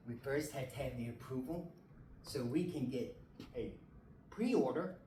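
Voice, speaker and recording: A middle-aged or older resident speaking at a city meeting's public comment, emotional and indignant, halting and restarting, close to tears. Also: medium pitch, a little mellow, slight background noise. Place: council meeting hall. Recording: echoey hall, distant mic, faint ambience.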